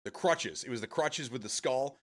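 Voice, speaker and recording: Male stream host, casual, profane and rambling, with a lively up-and-down pitch. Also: normal speed. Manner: rambling, swears freely, answers chat. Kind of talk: casual chat with stream viewers.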